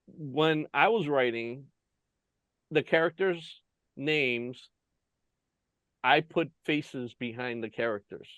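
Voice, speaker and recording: A man with a Chicago accent hosting a casual interview, an animated storyteller who laughs often, over a video call. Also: medium pitch, slow, long pauses, no room sound. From Chicago, United States. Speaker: host. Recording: dull, dry lo-fi sound.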